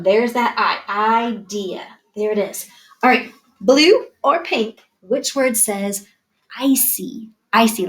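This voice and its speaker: A woman teacher giving a phonics lesson to young children, sounding out each word slowly and clearly. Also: on the high side, fairly bright tone, low-quality recording. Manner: slow, clear, sounds out words. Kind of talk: early reading phonics lesson.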